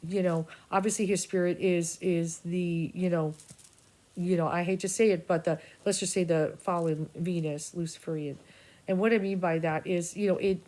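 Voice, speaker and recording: Brief: woman, Boston accent, low-pitched, intuitive reader, raw emotional off-the-cuff monologue, curses. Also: darkish tone. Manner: emotional, halting, swears freely. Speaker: spiritual reader. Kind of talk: rambling spiritual monologue.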